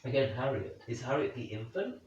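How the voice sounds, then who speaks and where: A man's voice: mid-range voice, big pitch swings, brisk, darkish tone. A man investigating the paranormal at night in a room, speculating aloud and calling out questions to spirits. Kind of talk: thinking aloud during a night vigil. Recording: very echoey, distant, dull lo-fi sound.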